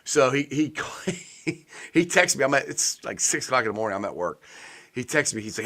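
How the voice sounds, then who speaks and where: A man with a mid-range voice co-hosts a casual sports podcast at normal speed, an animated storyteller who laughs often and acts out quotes.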